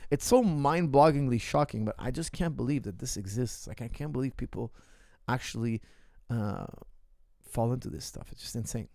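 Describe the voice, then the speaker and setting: Animated man, dry close sound. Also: mid-range voice, moderate pace, creaky, dry recording. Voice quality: animated storyteller, acts out quoted people. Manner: repeats words, restarts phrases. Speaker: martial arts coach hosting a Q&A. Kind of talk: casual livestream Q&A chat.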